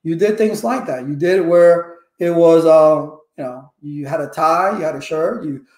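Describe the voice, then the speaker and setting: Middle-aged male tech instructor, high-pitched, lecturing viewers casually in an echoey room. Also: normal speed, darkish tone. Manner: talkative, preachy, addresses viewers by name. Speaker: network engineering instructor on a livestream. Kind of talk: casual live-stream talk.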